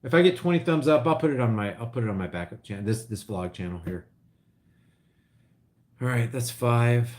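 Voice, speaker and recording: A middle-aged man from Oklahoma, rambling and restarting as he reads live chat on his livestream, his voice swinging between loud and quiet. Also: mid-range voice, expressive, a little fast, long pauses. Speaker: vlogger reading live chat.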